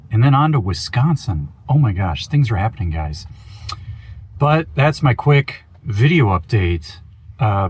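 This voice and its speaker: A man's voice: on the low side, darkish tone, a little hiss or hum. A man from Oregon giving a casual, rambling video update from inside his van, with goofy self-mocking asides. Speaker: van life vlogger.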